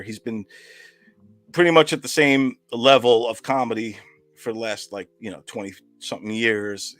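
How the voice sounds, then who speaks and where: A man's voice: on the low side, a bit bright, no echo. A man, a filmmaker and comedian, telling a rambling anecdotal story in casual chat over a video call.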